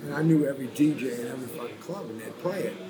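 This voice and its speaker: A man's voice: medium pitch, animated, rapid-fire, a loud crowd, poor audio. A man from New Orleans telling a long, rambling story in a casual interview. He swears freely and acts out the voices of people he quotes. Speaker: guest musician telling his story.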